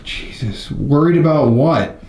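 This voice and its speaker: A man's voice: on the high side, lively intonation, a little slow, echoey room, noisy background. A man investigating the paranormal, confronting and taunting a ghost, swearing now and then. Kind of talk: provoking a ghost during an investigation. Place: inside an old historic building at night.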